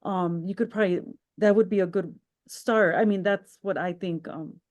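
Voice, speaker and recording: A woman's voice: medium pitch, fairly even intonation, moderate pace, darkish tone. A woman hosting a podcast interview, talking in a reflective, rambling way with many restarts. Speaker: podcast host.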